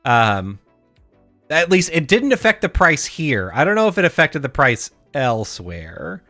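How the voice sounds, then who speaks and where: A man's voice: a little high, a little slow, soft background music. A man co-hosting a podcast in casual chat, joking and using lots of fillers. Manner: lively, filler-heavy, joking. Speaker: podcast co-host.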